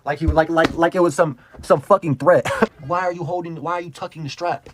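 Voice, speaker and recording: This young man's voice sits on the higher side as he quickly spins a loose, swear-filled storytime. He says "like" constantly and cracks himself up while telling it, all against a noisy background.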